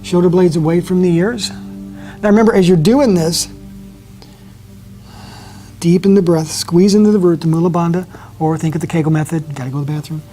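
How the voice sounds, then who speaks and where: Calm male yoga instructor, slightly high. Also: faint music behind. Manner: calm, slow guiding cues with soft drops in volume. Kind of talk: guided yoga class instruction.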